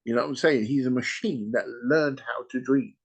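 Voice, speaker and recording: A man hosting a podcast, retelling a story in casual chat, animated and peppered with "you know" and "right?". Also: medium pitch, brisk, husky. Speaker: podcast host.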